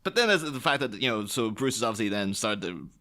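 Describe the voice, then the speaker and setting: Podcast co-host, man, lowish voice with a bright forceful edge, rambling, chuckly. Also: very animated, quick pace. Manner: rambling, laughs often, mimics characters. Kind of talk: casual film discussion.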